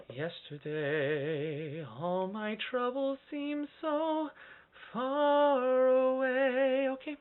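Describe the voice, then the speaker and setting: A man's voice: medium pitch, phone-quality sound. Guy explaining how to sing phrases, keeps asking okay?, sounds like it's coming through a phone. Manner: explains in loose bursts, ends points with "okay?". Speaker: singing teacher. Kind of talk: casual music lesson.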